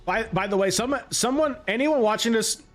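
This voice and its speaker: Man in his late twenties, let's play commentary, chatty and rambling, slightly higher voice. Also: moderate pace, soft background music. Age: late 20s. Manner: rambling and chatty, self-correcting. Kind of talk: casual gameplay commentary.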